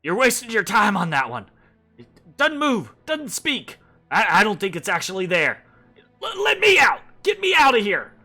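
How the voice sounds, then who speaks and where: A man voicing a lean, frantic male goblin prisoner who begs loudly to be set free. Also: extremely high pitch, wildly swooping pitch, normal speed, breathy edge, faint music behind, pitched above the performer's own voice, heavily acted. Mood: frantic, pleading. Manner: panicked, shouting, pleading to be freed.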